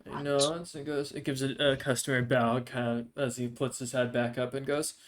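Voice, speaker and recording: A man's voice: medium pitch, level tone, normal speed, slight background noise. A man narrating a tabletop role-playing game as game master, in a casual, rambling way. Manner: casual, with many fillers and restarts.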